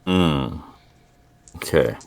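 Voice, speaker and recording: A man playing a tabletop game who works out his moves in a deliberate, hesitant way. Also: rumbling low, animated, vocal fry. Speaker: player.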